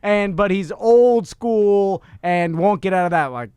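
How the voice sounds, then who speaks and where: A man's voice: high-pitched, measured pace, darkish tone, clear, resonant tone. A man host chatting casually and rambling, with many filler words. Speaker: show host. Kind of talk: casual chat.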